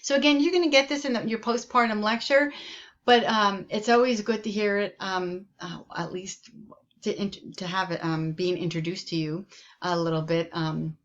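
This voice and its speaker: A woman's voice: mid-range voice, fairly even intonation, normal speed, lo-fi sound. A woman nursing instructor giving a recorded lecture in a loose, conversational way, with frequent ums and repeated words. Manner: many ums, conversational and repetitive.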